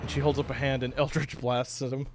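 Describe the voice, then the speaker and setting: A man narrating a tabletop game as game master, with animated storytelling. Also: medium pitch, fast, faint music behind.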